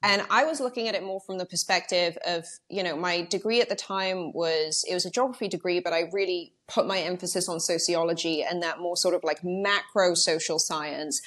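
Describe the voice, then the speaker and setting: Woman guest, young adult, UK-born, low-pitched, casual and talky. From United Kingdom. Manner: chatty, many fillers, quick animated asides. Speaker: journalist guest. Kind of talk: casual interview chat.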